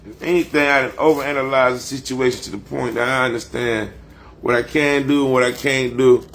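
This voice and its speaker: A man's voice: medium pitch, steady tone, brisk, fairly bright tone, slight background noise. A man, rambling profanely and boastfully on a casual livestream. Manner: loose, profane, boastful street talk.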